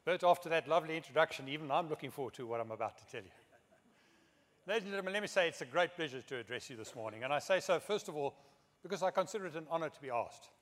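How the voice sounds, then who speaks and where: A man's voice: fairly high pitch, lively intonation, rapid-fire. A middle-aged man giving a conference speech, telling humorous anecdotes and quoting others in his own voice. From South Africa. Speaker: keynote speaker. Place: conference hall. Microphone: podium microphone. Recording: long hall reverb.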